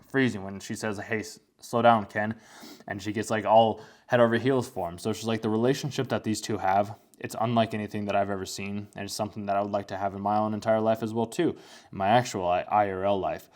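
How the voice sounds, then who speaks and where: A man's voice: lowish voice, fairly even intonation, fast, a little mellow. A young man giving casual anime commentary, rambling along with lots of "like" fillers.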